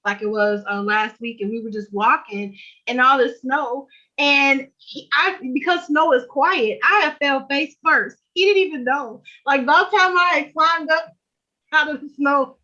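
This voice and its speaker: A woman's voice: high voice, unhurried, bright, forceful tone. A woman in a casual group chat on a video call, chatty and laughing through her stories, heard over dull lo-fi audio.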